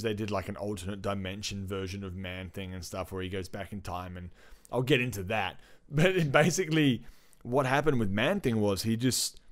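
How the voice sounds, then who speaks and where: A man co-hosting a podcast, telling a story in an animated, excitable way with plenty of swearing. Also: on the low side. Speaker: podcast co-host. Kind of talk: casual chat.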